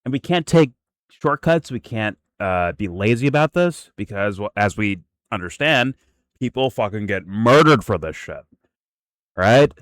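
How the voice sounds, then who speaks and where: A man's voice: on the low side, animated, unhurried, a bit bright, no room sound. A male host giving casual reaction commentary, incredulous and profane, rambling and restarting his sentences.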